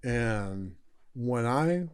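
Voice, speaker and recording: A man's voice: mid-range voice, animated, drawn-out words, clear, resonant tone, no room sound, studio quality. A man talking bluntly and casually as a podcast guest, swearing freely in a matter-of-fact way. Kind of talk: casual chat.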